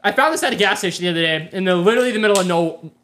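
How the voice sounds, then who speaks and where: A man co-hosting a podcast, chatting casually and joking in animated banter. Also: sits high, rapid-fire, a crowd in the background. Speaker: podcast co-host. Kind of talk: casual chat.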